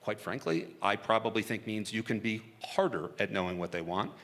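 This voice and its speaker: A man's voice: lowish voice, brisk, a bit bright. A man being interviewed onstage about his work negotiating for hostages, talking casually and frankly, chuckling often and restarting his sentences.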